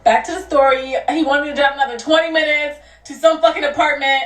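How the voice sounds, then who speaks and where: Young woman, high voice, storytime vlog, cursing and laughing, roomy echo. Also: fast talker. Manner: animated, profane, laughing storytelling. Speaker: vlogger. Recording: echoey room, distant mic.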